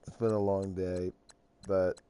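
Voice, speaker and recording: A tired man talking slowly through a football video game recap. His speech is halting and trails off, his voice a little low, and steady hiss runs underneath. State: tired, yawning. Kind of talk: casual game commentary. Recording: clear background noise.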